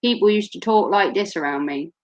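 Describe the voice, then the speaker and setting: A woman's voice: medium pitch, brisk, darkish tone. A woman from Norfolk with a slight Norfolk accent, chatting casually as a vlogger, laughing and swearing freely. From Norfolk, England. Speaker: vlogger, mother. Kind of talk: casual chat. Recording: dull lo-fi home recording.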